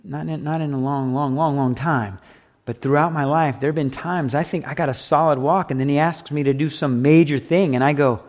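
A man's voice: a little high, fairly even intonation, brisk, a little mellow. A man preaching a sermon as pastor, emphatic and repetitive, with acted asides.

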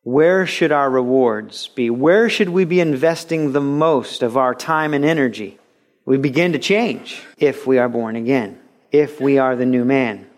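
Preaching at a slightly slow pace with medium pitch, this pastor fills his sermon with stories and performs the quoted lines animatedly. The audio is a radio broadcast of a recorded sermon.

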